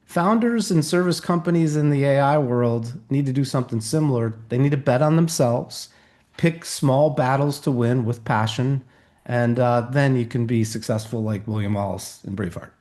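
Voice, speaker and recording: A man who coaches founders, answering as a guest in a measured, motivational way. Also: mid-range voice, darkish tone. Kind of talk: interview answer.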